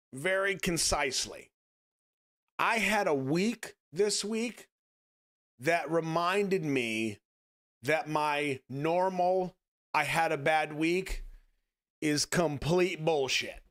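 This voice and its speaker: A man with a raspy voice, talking earnestly and haltingly to his viewers on a casual live stream. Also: on the high side, expressive, a bit bright. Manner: earnest, halting, many restarts. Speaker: livestreamer.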